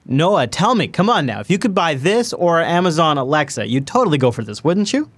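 A man hosting a tech podcast, talking with excited emphasis and quick asides. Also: on the high side, dry recording. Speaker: podcast host. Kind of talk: enthusiastic tech podcast chat.

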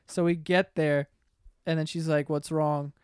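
A young man hosting a casual podcast with his siblings, telling crude, animated stories and laughing as he goes. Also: on the high side, a little slow, clean tone, dry recording, studio quality. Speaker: podcast host. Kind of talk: casual storytelling among siblings.

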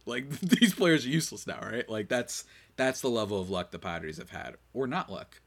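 A man hosting a casual sports podcast, opinionated and quick to rant in exasperation, running on little sleep. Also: medium pitch, expressive, creaky, a bit bright. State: short on sleep. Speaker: podcast host.

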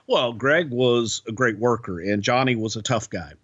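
A man who is a guest on a podcast, talking bluntly in a gruff, casual way and swearing freely. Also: medium pitch, moderate pace, a bit bright, no echo, muffled recording.

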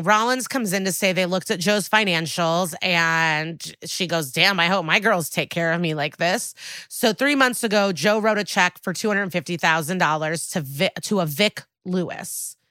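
A woman co-hosting a podcast, casually recapping a TV episode and quoting characters in lively bursts. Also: fairly low pitch, no room sound, studio quality. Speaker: podcast co-host.

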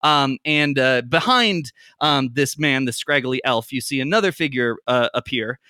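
A game master narrating a tabletop game in a halting way, with many ums and frequent laughs. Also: medium pitch, sharp tone, clean tone, no echo, studio quality.

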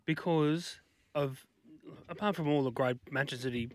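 A man's voice: on the high side, unhurried, a little mellow. A man, co-hosting a casual sports chat with wry, dry humour.

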